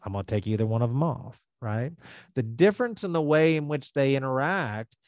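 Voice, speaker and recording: A man gives a casual live training to contractors, steady and mid-pitched. He often slips into quick impressions of customers. The sound is dry and close. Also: no echo. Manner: conversational, acts out customer quotes.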